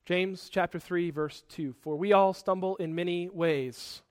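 A man preaching a sermon, animated and quick to act out angry outbursts, with self-correcting asides. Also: high voice.

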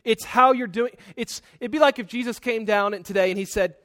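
This high-voiced preacher is lively as he gives his sermon, readily dramatizing angry outbursts and pausing for self-correcting asides.

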